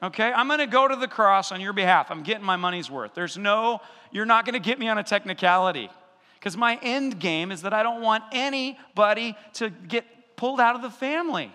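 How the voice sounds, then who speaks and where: A man's voice: high-pitched, animated, fairly quick, sharp tone, clean tone, in a large hall, voice pushed up. A man voicing Jesus as a resolute, determined man, speaking emphatically.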